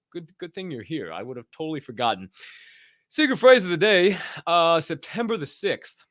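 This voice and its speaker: Excitable man hosting a livestream. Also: mid-range voice, no room sound, studio quality. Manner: excitable, profane, shouting out chat names. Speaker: livestream show host. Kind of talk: casual livestream chat.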